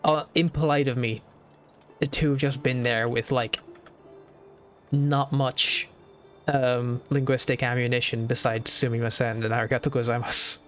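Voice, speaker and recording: A man's voice: medium pitch, little pitch movement, moderate pace. Young irish guy, casual game stream chat, rambling with fillers, faint music behind. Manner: rambling, thinking aloud with many fillers.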